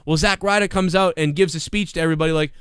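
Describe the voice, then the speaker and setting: A man reviewing a wrestling show on a livestream, rambling and swearing in casual, excitable talk. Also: a little high, fast, smooth, dry recording, studio quality. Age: adult parent. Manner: profane, rambling, excitable, acts out bits in quotes.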